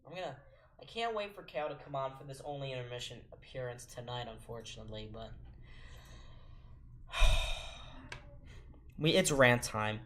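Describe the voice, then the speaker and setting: A man's voice: mid-range voice, expressive, unhurried, pauses often, pushed and bright. A young man in his late teens hosting a live reaction stream, calling hockey play-by-play in an exasperated, ranting way and repeating himself. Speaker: livestream host.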